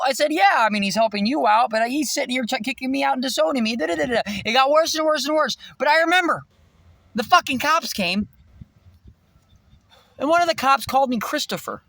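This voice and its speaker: A man ranting to camera in a rambling, profane monologue, swinging between shouting and muttering. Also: very high voice, animated, a little fast, creaky, no echo. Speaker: vlogger.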